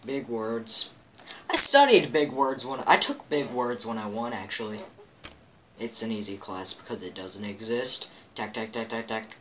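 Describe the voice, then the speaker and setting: A man's voice: medium pitch, expressive, a little slow, sharp tone, rough recording. A man hosting a let's play, reading game captions aloud with goofy asides and playful quack and meow noises. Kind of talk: casual game commentary.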